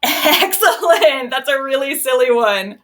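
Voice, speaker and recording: A woman librarian with a slightly high voice runs a storytime for children from home. She speaks gently and encouragingly, explaining things in simple words to little listeners. The sound comes from a laptop mic. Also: lively intonation, unhurried. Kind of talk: live online storytime for kids. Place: at home, laptop propped on a box. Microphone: laptop microphone.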